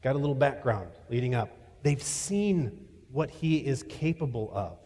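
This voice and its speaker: A man's voice: medium pitch, animated, moderate pace, long reverb tail. Storytelling preacher man in a church. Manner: storytelling, shifting from loud to hushed. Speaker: pastor. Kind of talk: sermon.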